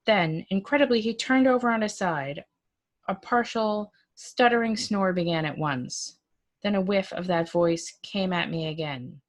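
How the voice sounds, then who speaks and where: A woman reading a first-person story aloud, the way a librarian does at a story hour. Her voice sits on the low side, and her narration is measured, dry and expressive.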